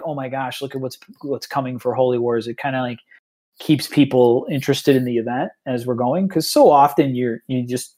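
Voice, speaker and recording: Rambling man telling stories, mid-pitched. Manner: rambling, full of restarts and fillers; animated when retelling stories. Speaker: tabletop tournament organizer, guest. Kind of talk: casual podcast conversation.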